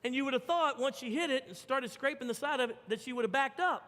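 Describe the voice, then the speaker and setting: A man preaching a sermon as pastor, telling stories with big swings from loud to hushed. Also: extremely high pitch, quick pace. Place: church sanctuary. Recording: long hall reverb.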